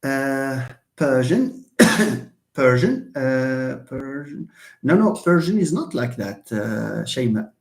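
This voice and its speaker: A man giving a live online English lesson, hesitant with many fillers and restarts, lively when stressing examples. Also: medium pitch, takes it slowly, vocal fry. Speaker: English lecturer. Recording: echoey room.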